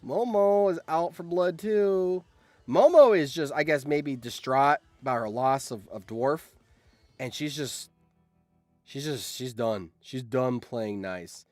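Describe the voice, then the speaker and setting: A man streaming live, reacting excitedly and yelling in surprise on a close mic. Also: medium pitch, takes it slowly, no echo, faint music behind. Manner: excitable, yells in surprise, laughs often.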